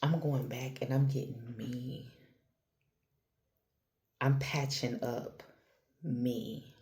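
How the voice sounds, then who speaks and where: Very deep and very slow, with fairly even intonation, this woman's voice carries a casual, heartfelt monologue to camera. A spiritual vlogger, she's slangy and personal, addresses the listener as girl and baby, restarts after trailing off, and becomes gentler and more intimate toward the end.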